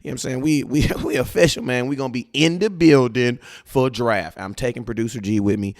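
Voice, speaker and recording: A man co-hosting a casual sports fan live stream, excitable, stumbling over repeated words and laughing often. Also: mid-range voice, brisk, no echo, clean studio sound. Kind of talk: casual chat.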